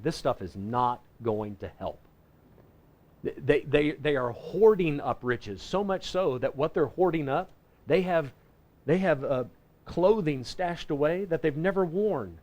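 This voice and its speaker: A man teaching a Bible lesson in a folksy, conversational way, slowing down to read scripture verses. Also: mid-range voice, darkish tone. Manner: folksy and conversational, reading scripture slowly and deliberately; self-correcting with frequent restarts. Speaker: pastor teaching a Bible class.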